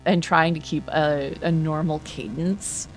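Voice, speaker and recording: A woman's voice: low-pitched, steady tone, a little slow, soft background music. A woman game streamer chatting casually in a rambling, self-correcting way. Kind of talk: casual gameplay commentary.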